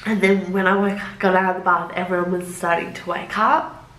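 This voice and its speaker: A woman's voice: on the low side, little pitch movement, fairly quick, fairly bright tone, a little hiss or hum. Chatty young woman in an echoey room. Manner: chatty, loose, heavy use of "like" as filler. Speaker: vlogger. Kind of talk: casual storytelling to camera. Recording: roomy echo.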